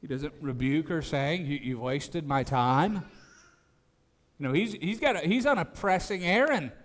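Pastor, male, fairly high voice, stammering preacher, long hall reverb. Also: expressive, measured pace. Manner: stammers on restarts, rises to emphatic declarations. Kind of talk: expository sermon.

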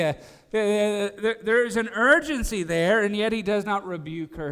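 A man's voice: sits high, moderate pace, a bit bright, clear, resonant tone, long reverb tail. A man preaching an expository sermon, stammering on restarts and building to emphatic points. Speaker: pastor.

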